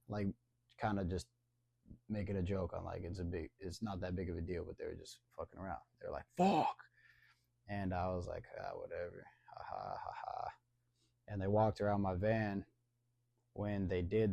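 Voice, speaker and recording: A man's voice: deep voice, a little mellow, no echo. A young man casually telling a rambling story to his viewers, with slangy, laid-back talk.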